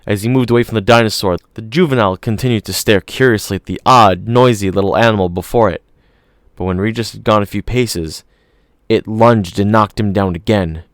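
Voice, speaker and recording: A man narrates an audiobook, reading in a steady, measured way. His voice is lowish, and the studio-quality recording is dry.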